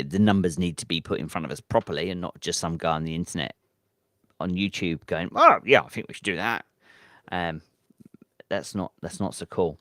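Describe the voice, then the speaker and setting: In a clean studio recording without echo, a low-pitched man hosts a midnight livestream from his home. He reads out viewer chat and thinks aloud in a casual, hesitant, rambling manner, saying um a lot.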